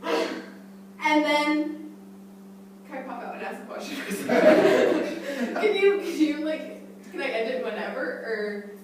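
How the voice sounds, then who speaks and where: A bubbly woman improvises a tale for a workshop group, her voice lively and slightly high. The mic is distant, the room very echoey, with clear background noise. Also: measured pace. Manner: bubbly, animated, laughing easily. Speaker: workshop participant.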